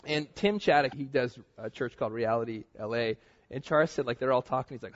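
A man's voice: medium pitch, quick pace. A young man teaching a casual sermon, telling stories and acting out what people say. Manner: animated storytelling, acts out quotes. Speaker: pastor teaching a Bible study. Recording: dull sound with long reverb.

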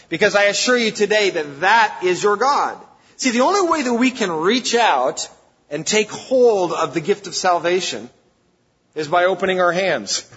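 Pastor guy preaching, kinda husky, lo-fi recording with big church echo. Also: high-pitched, fairly bright tone. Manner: emphatic, conversational preaching with sudden rises. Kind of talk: sermon. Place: church sanctuary. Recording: dull lo-fi church recording with long reverb.

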